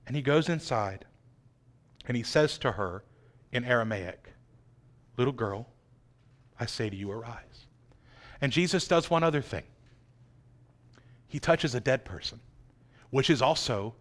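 A man preaching a sermon, dramatic, swinging between loud emphasis and hushed, quiet lines. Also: a little high. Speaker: pastor.

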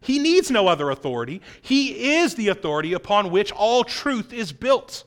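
A man with a notably high voice preaches a sermon through a passage. He leans hard on key points and keeps asking his listeners rhetorical questions. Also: sing-song, moderate pace. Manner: emphatic, asks rhetorical questions, acts out quotes. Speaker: pastor. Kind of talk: expository sermon.

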